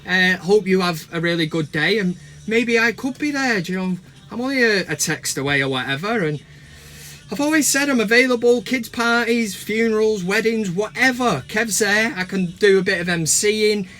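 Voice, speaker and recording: A man hosting a casual football chat from inside a van while driving, with cheeky, animated banter. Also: high-pitched, moderate pace. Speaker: host.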